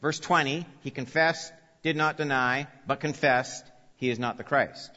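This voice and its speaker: A man's voice: mid-range voice, fairly even intonation, measured pace, bright, forceful tone. A man preaching an expository sermon, emphatic, repeating key phrases and putting questions to his listeners. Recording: long reverb, dull lo-fi sound.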